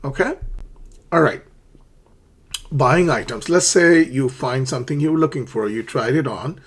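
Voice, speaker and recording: Husky-voiced man teaching English. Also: mid-range voice, unhurried. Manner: explains step by step, acts out shop dialogues; frequent fillers and check-ins like okay. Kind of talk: English lesson for learners.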